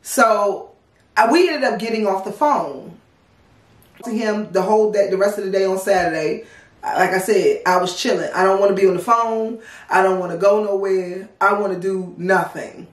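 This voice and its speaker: A woman in her thirties with a DC-area accent, telling a casual storytime in a blunt, profane, animated way and acting out the dialogue. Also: medium pitch, normal speed. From Washington DC area. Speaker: vlogger. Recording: roomy, mic at a distance.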